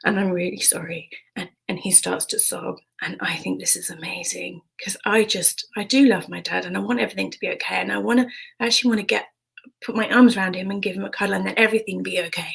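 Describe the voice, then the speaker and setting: Gravelly British woman telling a story. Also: medium pitch, fairly even intonation, quick pace, fairly bright tone, rough recording. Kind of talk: personal storytelling performance. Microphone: streamed stage mic.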